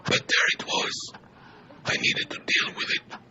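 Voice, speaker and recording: An older man with an Israeli accent and a whispery, weak voice, speaking earnestly in short measured phrases in an interview. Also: dull audio, noisy background. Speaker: physician interviewee.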